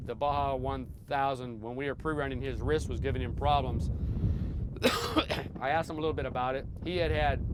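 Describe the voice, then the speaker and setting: A middle-aged former motorcycle racer telling stories in a relaxed, rambling way, often repeating his first words. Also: fairly high pitch, heavy background noise. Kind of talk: casual storytelling interview.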